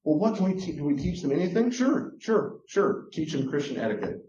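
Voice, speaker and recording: A man's voice: on the high side, big pitch swings, brisk, a little mellow, a little hiss or hum. A man with a Southern US accent, a Christian counselor giving an impassioned, emphatic lecture to a class. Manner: emphatic, gets worked up. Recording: roomy, dull lo-fi room recording.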